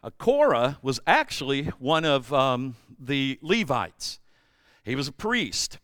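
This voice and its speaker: A man preaching a sermon as a pastor, conversational and animated, acting out the voices of people he quotes. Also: mid-range voice, slow pace, no echo, studio quality.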